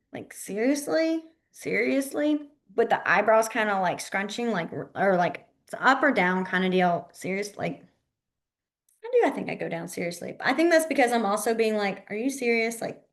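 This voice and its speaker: Woman, teacher, relaxed classroom talk, chatty with many fillers, repeats words slowly. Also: medium pitch, gravelly. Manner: frequent fillers like "like" and "um". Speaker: sign language teacher. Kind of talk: casual classroom instruction. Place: library classroom.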